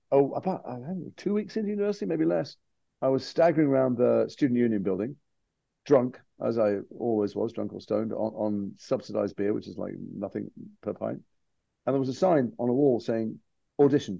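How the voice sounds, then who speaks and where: A man's voice: mid-range voice, brisk, gravelly, mellow, dry recording, lo-fi sound. A man from Liverpool, a guest actor telling his story candidly and animatedly in a casual interview chat. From Liverpool, England.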